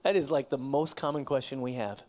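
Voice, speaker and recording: A man preaches a sermon in a casual, direct way. He pushes his points with emphasis, then drops his voice low, close to a whisper. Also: fairly even intonation, brisk, a little mellow. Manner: emphatic, often dropping to near whispers. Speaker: pastor.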